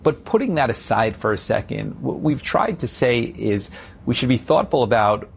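A man's voice: mid-range voice, very animated, normal speed, gravelly, slight background noise. A man interviewed on business and city economics, talking emphatically and repeating words for stress. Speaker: business leader interview guest. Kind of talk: conversational interview.

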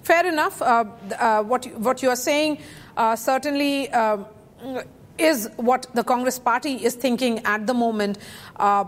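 A woman's voice: a little high, a little slow. A woman news anchor, asking questions with frequent hesitations and fillers. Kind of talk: live news interview.

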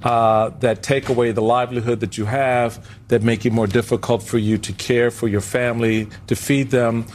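A man co-hosting a news panel, posing questions in a halting way with many fillers. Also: medium pitch, level tone, a little mellow, slight background noise. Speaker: news show co-host. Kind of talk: panel discussion.

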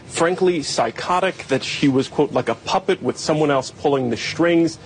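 A man's voice: on the high side, normal speed, a little hiss or hum, low-quality recording. A man giving a news report in a conversational way with small hesitations. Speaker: correspondent.

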